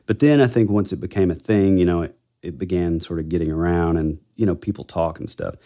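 A male podcast co-host rambles through a ghost legend in relaxed chat, stopping to correct himself along the way. He speaks briskly in a low, mellow voice.

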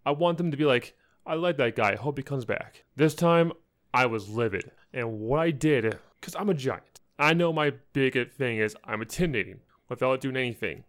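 A man's voice: mid-range voice, expressive, moderate pace, a bit bright. A young man co-hosting a podcast, telling an angry story in a casual chat and acting out the people he quotes. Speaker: podcast co-host.

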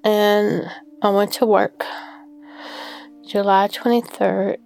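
A woman telling her own story in an interview, halting and repeating herself. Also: mid-range voice, flat delivery, vocal fry, a little mellow, soft background music. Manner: halting, many fillers and repeats. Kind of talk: personal recollection.

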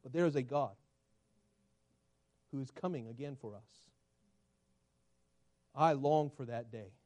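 A male pastor preaching a sermon, swinging from loud urging to hushed, slow reading of scripture. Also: mid-range voice.

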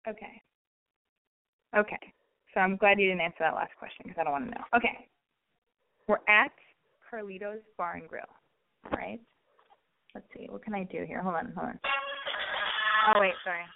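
A woman's voice: medium pitch, normal speed, vocal fry, pauses often. A young woman hosting a call-in show, talking in a rambling, blunt and joking way with frequent swearing. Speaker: radio call-in host. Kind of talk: casual call-in chat. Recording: thin phone-like sound.

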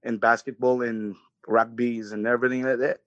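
A Filipino man calls in to a talk show, speaking politely and haltingly with plenty of fillers. His mid-pitched voice sounds dry and close. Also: little pitch movement, no echo, muffled recording. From Philippines. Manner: polite, hesitant, many fillers. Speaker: caller. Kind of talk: casual phone-in chat.

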